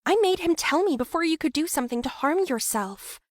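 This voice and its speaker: A woman's voice: sits high, lively intonation, brisk, no echo, studio quality, pitched above the performer's own voice. A woman voicing a bold, kind young girl who insists on proving a point. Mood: earnest. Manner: urgent, insistent.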